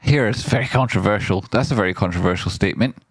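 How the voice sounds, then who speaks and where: Man, trading stream host, playful rambling, low pitch, dry recording. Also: fast talker, husky, dry recording. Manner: playful, riffing, often jumps into a high silly voice. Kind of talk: rambling live-stream chat.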